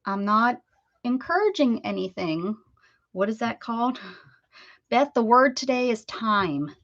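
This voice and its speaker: A chatty woman from the Pittsburgh area, talking her way through a crafting live stream in a slightly high voice. She greets viewers by name and rambles as she works. The sound is dull and lo-fi. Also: lively intonation, measured pace, a bit bright. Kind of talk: casual live-stream chat while crafting.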